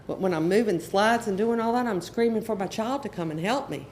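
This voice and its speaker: A middle-aged woman speaks as an educational counselor in a conference session, brisk and expressive, with a medium-pitched, darkish voice. She repeats her central points earnestly, and a little hiss or hum sits under the audio.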